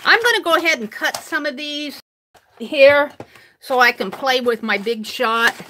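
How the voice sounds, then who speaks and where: A woman's voice: sits high, animated, a little slow, sharp tone, a little hiss or hum. An older woman live-streaming her crafting, chatting casually, reading viewers' comments aloud and laughing often. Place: home craft room.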